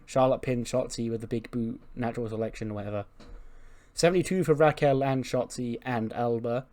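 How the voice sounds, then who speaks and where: A man's voice: mid-range voice, a little fast, a little mellow. A man hosting a playthrough, giving chatty, laughing commentary on a wrestling management game. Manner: chatty, laughing, recaps results. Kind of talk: casual commentary on a wrestling sim.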